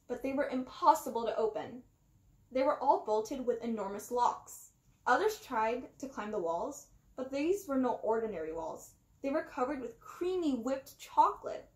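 High, lively woman reading a storybook. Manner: animated, acts out the first-person narrator. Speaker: storybook reader. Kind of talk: expressive storybook read-aloud. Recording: roomy echo.

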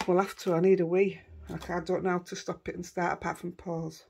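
This craft vlogger is a middle-aged woman with a Yorkshire accent, chatting away at home as she makes things, thinking aloud and being self-deprecating in a rambling way. She talks briskly in a fairly low, somewhat flat voice with vocal fry and a slightly mellow quality, over slight background noise.

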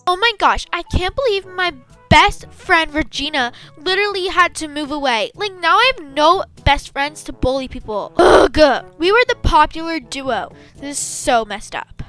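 A woman's voice: high voice, expressive, normal speed, hardly any pauses, bright, forceful tone, faint music behind. A woman voicing a snobby, mean, popular teenage girl bully in a game role-play, with a sneering, whiny drawl.

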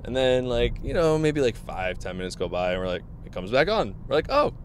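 A man's voice: mid-range voice, a little fast, slight background noise. A man from Massachusetts, a podcast guest telling casual stories and laughing often. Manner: laughs often, quotes people in animated asides. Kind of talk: casual storytelling.

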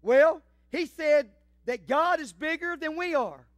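A man's voice: very high voice, expressive, a little slow, no echo, voice pushed up. A man doing a curious little girl. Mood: wondering. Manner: wondering, questioning. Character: curious little girl asking her mother questions.

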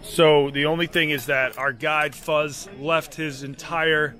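A man's voice: on the high side, steady tone, slow pace, sharp tone, soft background music. A man hosting a travel vlog, joking and teasing his companions in casual chat.

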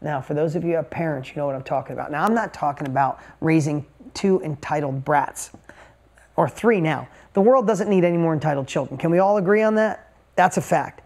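A man's voice: a little high, a little fast, darkish tone. Emphatic middle-aged man telling a story. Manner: emphatic, emotional, repeats words for punch. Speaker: motivational speaker. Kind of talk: motivational storytelling talk.

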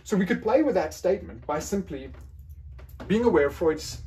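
A man's voice: sits high, lively intonation, normal speed, mellow, husky. A man lecturing in an academic style, playfully acting out quoted phrasings with questioning tones.

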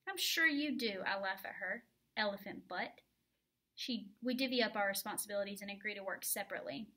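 A woman teacher reading a novel aloud to her students from home, expressive and dramatic, into a computer mic. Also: mid-range voice, fairly quick. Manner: animated, dramatic storytelling. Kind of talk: expressive first-person read-aloud.

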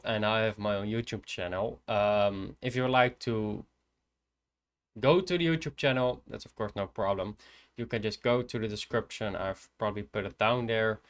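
A young man with a Dutch accent, chatting casually to viewers while streaming a game, often pausing on fillers. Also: lowish voice, clear, resonant tone. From Netherlands.

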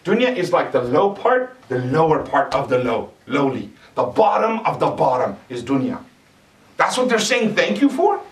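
A male lecturer preaches in a mosque with lively energy, turning often to quiz the crowd. His voice sits a little high for a man. It comes from some way off the microphone, ringing in a roomy, echoing hall. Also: normal speed. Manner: animated, asks the audience questions. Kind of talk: sermon. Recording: echoey hall, distant mic.

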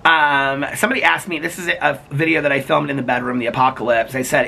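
A man's voice: a little high, fast, vocal fry, hardly any pauses, bright, forceful tone. A man vlogging in a casual, rambling chat, reading viewer comments and peppering his talk with "like". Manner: chatty, rambling, heavy use of "like".

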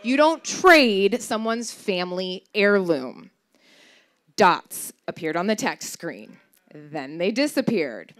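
Woman, 30s, stage storyteller; wry, candid delivery with a very animated melody. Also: mid-range voice, slow pace. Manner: wry, candid, swears for comic emphasis. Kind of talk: live personal storytelling performance.

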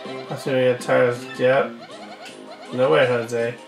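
A man's voice: mid-range voice, little pitch movement, slow, vocal fry, pauses often. A man giving casual gameplay commentary, rambling and trailing off with fillers. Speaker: game let's-player. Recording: roomy distant mic with game music.

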